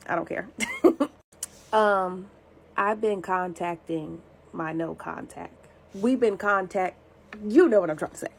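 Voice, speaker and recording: A woman with a lowish, gravelly voice talks through a personal confession. She is reflective and hesitant and leans on fillers, with a faint hiss and some ambience behind her. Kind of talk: casual confessional talk.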